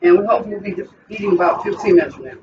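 Talking very fast in a medium-pitched voice, a cooking channel host walks viewers step by step through a casual vlog in her home kitchen. The home recording is noisy, dull and distant.

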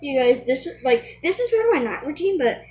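A woman's voice: high-pitched, very animated, a little fast, a little mellow, reverberant. A young woman vlogging casually to her viewers, talking in a giggly way and laughing through her words. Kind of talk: casual vlog chat.

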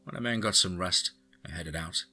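A man's voice: low voice, moderate pace, pushed and bright. A man reading a horror story aloud as scripted narration, telling it in a dramatic storytelling manner. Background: faint guitar music.

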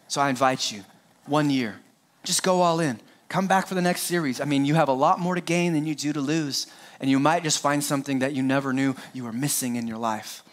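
Man, middle-aged pastor, high voice, playful, joking asides, Easter sermon. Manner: playful, joking asides, talks straight to the congregation.

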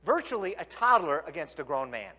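A male pastor preaching a sermon in a lively, conversational storytelling way, in a church sanctuary. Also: a little high, a little fast. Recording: long church hall reverb.

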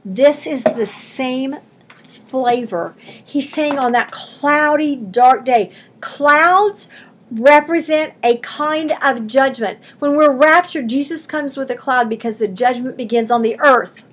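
Lady pastor preaching, high breathy voice, folksy and emphatic, reads verses and explains em. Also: slow. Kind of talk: expository sermon. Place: church.

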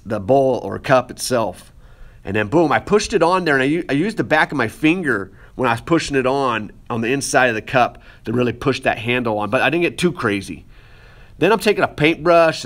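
A man's voice: mid-range voice, fairly bright tone. A man teaching pottery, casually talking the viewer through each step of shaping clay, with playful asides to his students. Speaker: art teacher.

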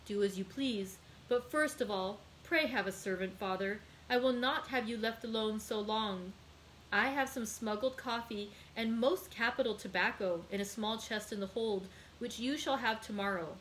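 A woman reading aloud, voicing an earnest, devoted young male sailor with lively emphasis. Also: a little high, normal speed, a little hiss or hum, lightly acted, low-quality recording. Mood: eager.

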